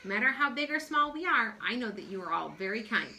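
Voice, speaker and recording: A woman's voice: a little high, very animated, fast, pushed and bright, slight background noise, full character voice. A woman reading aloud the lines of a kind, encouraging female schoolteacher in a storybook.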